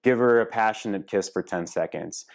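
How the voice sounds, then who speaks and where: A middle-aged man with a somewhat low voice talks straight to his audience as a relationship coach. His delivery is relaxed and candid, salted with swearing and quick laughs. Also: gravelly. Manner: candid and profane, laughs easily. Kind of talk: casual talk to camera.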